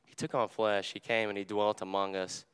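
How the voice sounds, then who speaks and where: A young man preaching a sermon in a conversational, animated way, full of fillers, and dropping to a hush for quoted words. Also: on the low side, moderate pace, clear, resonant tone. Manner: drops to a hushed voice when quoting Jesus.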